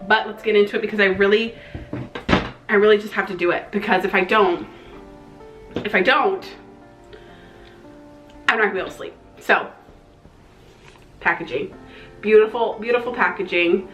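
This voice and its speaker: A young woman with a twang, gushing excitedly as she reviews a makeup palette in a casual vlog. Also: medium pitch, moderate pace, long pauses, reverberant, lo-fi sound, soft background music. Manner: gushing, excitable, slangy, with breathy exclamations. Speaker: beauty vlogger.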